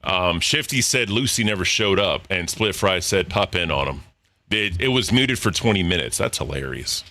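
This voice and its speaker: A man with a deep but bright voice runs the show on a live stream. He hypes the crew and bosses them around with casual swearing. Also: animated, normal speed. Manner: hyping, bossy directing. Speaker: streamer co-host. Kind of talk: casual group stream chat.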